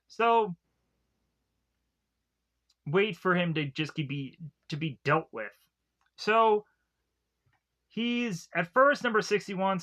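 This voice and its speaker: A man talks through a cartoon episode, rambling and loose, with filler words in nearly every sentence. His voice sits a little high and sounds bright and forward. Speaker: cartoon reviewer. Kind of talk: casual episode recap.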